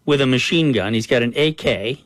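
A man's voice: mid-range voice, brisk, no room sound. A man as a political guest, answering in a frank, earnest conversational way and often saying "you know".

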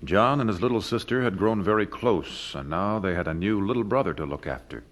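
A male narrator telling a story in measured, scripted narration. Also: on the low side, expressive.

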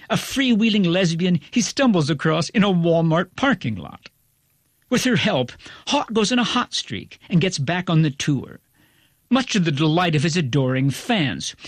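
A male critic reading a scripted review in a wry, articulate, measured way. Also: sits high, slightly rough, no echo, clean studio sound.

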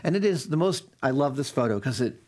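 Guy hosting an interview, middle pitch, eager, bit of um and uh. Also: animated, fast talker, a little mellow. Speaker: interviewer, host. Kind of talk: interview questions.

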